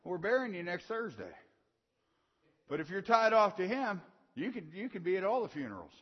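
Folksy preacher in an echoing hall. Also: male voice, high voice, very animated, normal speed, slightly rough. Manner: folksy, call-and-response preaching with rising shouted emphasis. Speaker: pastor. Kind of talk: sermon. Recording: dull sound with long reverb in a large hall.

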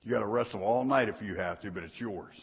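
A man's voice: on the low side, quick pace, husky. Folksy preacher man in an echoing hall. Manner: folksy storytelling, swings between soft asides and loud punches. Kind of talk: sermon. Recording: dull sound in a long-reverb hall.

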